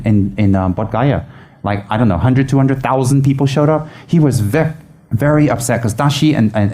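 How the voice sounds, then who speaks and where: A man teaching Buddhism in a chatty, animated way, often restarting his sentences. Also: medium pitch. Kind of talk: informal dharma teaching.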